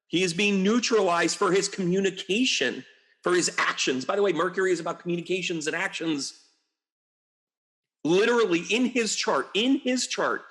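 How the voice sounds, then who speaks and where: A man's voice: on the high side, a bit bright. A man who works as an astrologer and medium gives a casual, joking and rambling astrology reading.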